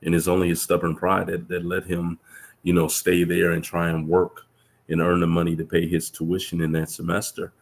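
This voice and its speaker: A man's voice: monotone, moderate pace. A man, a professor, telling reflective stories in a casual conversation, earnest and full of restarts. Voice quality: deep gravelly voice. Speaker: professor, guest.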